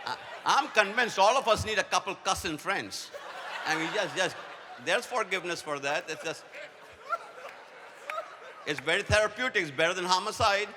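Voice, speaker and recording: A man, giving a humorous preaching keynote at a conference as a playful storyteller who rattles off quick repetitions. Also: high voice, animated. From India. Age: 60s. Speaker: conference speaker. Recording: long hall reverb, faint noise.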